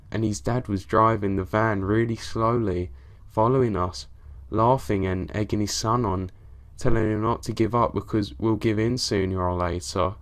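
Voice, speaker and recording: Man, scary story narration, fairly low voice, dramatic reading.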